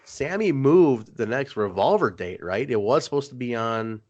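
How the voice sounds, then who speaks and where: A man co-hosting a podcast in a loose, rambling way, cracking jokes as he goes. His pitch swings widely, rising and falling through each sentence. It is casual, unhurried chat among friends. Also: expressive, muffled recording. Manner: rambling, jokey storytelling. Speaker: podcast co-host.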